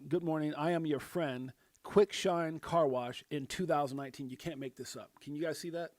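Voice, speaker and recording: A man chats loosely on his live stream, full of fillers and restarts. His voice sits at an ordinary pitch. The sound is dry and close, with no room echo. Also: a little mellow. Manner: rambling, many fillers and restarts, reads viewer names aloud. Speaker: crypto livestream host. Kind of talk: casual live-stream chat.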